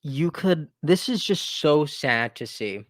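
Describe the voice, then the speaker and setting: A man hosts his own political commentary video, speaking in a conversational way full of emphatic rhetorical asides and repeated restarts. His voice sits on the high side with lively intonation, and he takes it slowly. The studio-quality recording has no echo.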